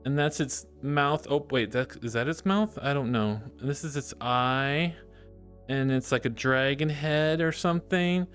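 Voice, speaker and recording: A man's voice: medium pitch, a little slow, a bit bright, soft background music. A man chatting playfully with his live-stream chat, joking and drawing as he talks. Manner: playful and goofy, jokes with chat.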